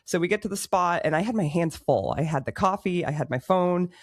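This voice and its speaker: A woman podcast co-host tells a story in a lively, self-mocking way and laughs in the middle of her sentences. Her voice sounds close and dry, with no room echo. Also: fairly low pitch, brisk. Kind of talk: casual chat, storytelling.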